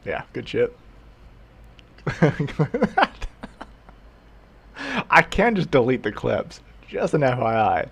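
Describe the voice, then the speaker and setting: A man's voice: mid-range voice, very animated, very slow, creaky, long pauses, a bit bright, slightly rough. A man hosting a live stream, chatting casually and answering his chat, often breaking into laughter.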